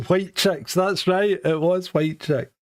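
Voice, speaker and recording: Fairly high-voiced man from Scotland, loose and joking, co-hosting a live chat show. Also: steady tone, slow pace. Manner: chatty, joking, trailing restarts. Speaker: co-host of a live stream. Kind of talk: casual chat.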